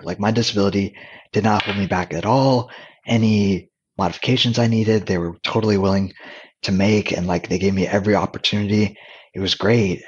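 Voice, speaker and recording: A man talking candidly and casually as a podcast guest, relaxed and full of restarts. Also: fairly low pitch, slightly rough, lo-fi sound. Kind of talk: casual conversational storytelling.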